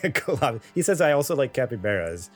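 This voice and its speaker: A man, hosting a casual chat and reading chat comments aloud in a relaxed way. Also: medium pitch, fast talker, over loud music. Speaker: podcast host reading live chat.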